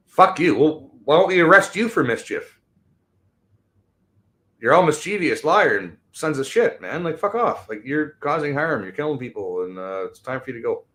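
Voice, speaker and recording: A man, delivering an angry, profane rant that swings between shouted bursts and low mutters. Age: 50s. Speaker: show host.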